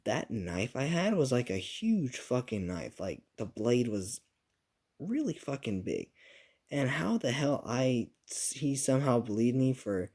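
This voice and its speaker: Profane rambling young man, lowish voice. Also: darkish tone, breathy edge. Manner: rambling, profane, self-mocking. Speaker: storyteller recounting a school story. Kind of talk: casual storytime vlog.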